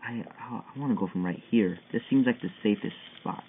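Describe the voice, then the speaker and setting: A young man giving excitable, frustrated commentary while playing a parkour game, yelping at each failed jump. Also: mid-range voice, brisk. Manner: excitable, yelping and whining at failures. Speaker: gamer. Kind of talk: gameplay commentary. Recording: tinny phone-like mic with faint hiss.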